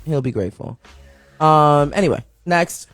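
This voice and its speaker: A woman hosting a live stream show, talking casually with a raspy morning voice, reading and answering viewer comments and greeting people as they join. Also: low voice, animated, normal speed, dry recording, faint music behind. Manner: playful sing-song shout-outs to viewers joining.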